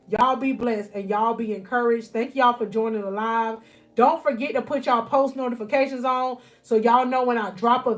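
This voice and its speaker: High-voiced woman preaching encouragement live. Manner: fervent, repeats phrases, keeps addressing listeners as y'all. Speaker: life coach. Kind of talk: motivational live-stream preaching. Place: at home, near her bed.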